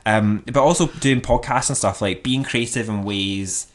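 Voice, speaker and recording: A man co-hosting a podcast, chatting in an animated way, laughing often and using lots of fillers. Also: medium pitch, normal speed. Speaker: podcast co-host. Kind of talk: casual chat.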